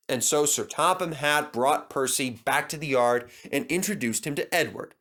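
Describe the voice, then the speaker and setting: A man's voice: a little high, normal speed, hardly any pauses. A man reading a children's train story aloud as narrator. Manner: expressive, lively narration.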